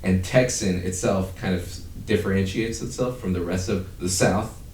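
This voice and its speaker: Deep-voiced man, distant roomy mic. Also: normal speed, a little mellow, a little hiss or hum. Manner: rambling, swears casually, laughs at himself. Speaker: podcast co-host. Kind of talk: casual chat.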